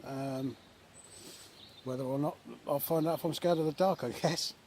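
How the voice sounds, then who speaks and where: Relaxed chatty man camping outdoors. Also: on the high side, moderate pace. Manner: relaxed, chatty, many fillers. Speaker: vlogger. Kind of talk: casual camping vlog. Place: woodland camp outdoors by a river. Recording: outdoor recording with faint nature noise.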